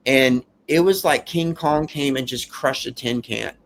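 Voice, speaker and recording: A man with a mid-range, slightly bright voice earnestly describes surviving a fire in his own words, faltering and restarting frequently as emotion takes hold. A little hiss or hum is audible.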